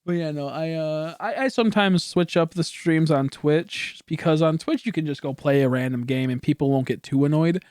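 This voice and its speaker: A man's voice: fairly high pitch, normal speed, darkish tone, no echo, clean studio sound. A young man streaming from home, chatting casually in a rambling, self-correcting way, swearing now and then and coughing at times. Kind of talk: casual chat.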